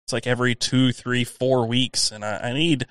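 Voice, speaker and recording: Podcast co-host, a man with a faint Southern twang, animated ranting, dry studio sound. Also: medium pitch, normal speed, no echo. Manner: ranting, animated, swears freely. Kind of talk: casual chat.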